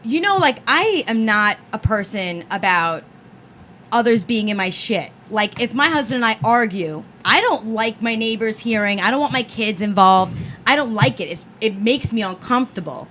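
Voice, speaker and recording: Bright-voiced woman, blunt and profane. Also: a little high, animated, moderate pace, slight background noise. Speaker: podcast co-host. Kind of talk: casual chat.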